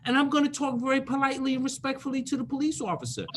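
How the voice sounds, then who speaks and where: A man's voice: very high-pitched, lively intonation, racing, slight background noise. A man in his fifties, an attorney on a panel, telling stories emphatically and repeating words to drive points home. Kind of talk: panel discussion.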